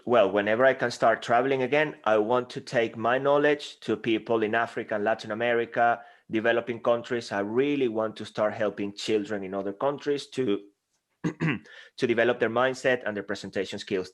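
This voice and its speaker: A man's voice: medium pitch, steady tone, moderate pace. A man with a Spanish accent, a speaking coach talking energetically and emphatically as an interview guest. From Spain. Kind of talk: interview conversation.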